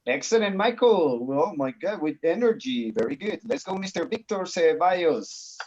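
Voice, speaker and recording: A man's voice: high-pitched, very animated, moderate pace, a little mellow, lo-fi sound. Man, English teacher, encouraging, video call class. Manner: encouraging, mixes in Spanish explanations. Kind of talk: online class instruction.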